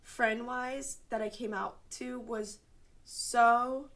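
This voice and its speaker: A woman's voice: fairly high pitch, fairly even intonation, slow, a bit bright. A young woman chatting casually about her own life, laughing often and animatedly quoting people. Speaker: podcast guest telling her story. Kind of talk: casual conversation. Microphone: podcast microphone.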